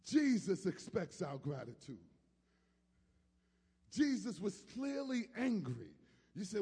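A man with a high, husky voice preaches. He moves between low, quiet asides and shouted peaks, and his voice rings with a long reverb from a church sanctuary. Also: very animated, measured pace. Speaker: pastor. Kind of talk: sermon.

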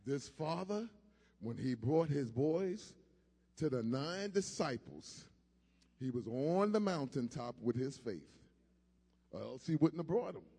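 Preacher man, sermon, starts soft then shouts it, raspy voice, big echoey church. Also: mid-range voice, big pitch swings, a little slow. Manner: call-and-response, builds from quiet to shouting.

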